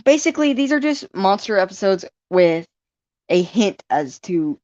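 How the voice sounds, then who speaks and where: A woman's voice: medium pitch, big pitch swings, moderate pace, darkish tone, no room sound. A woman hosting a casual ranting monologue at home, rambling and tossing out sarcastic jokey asides while laughing at her own jokes. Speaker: vlog host. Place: home room. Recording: dull dry lo-fi recording.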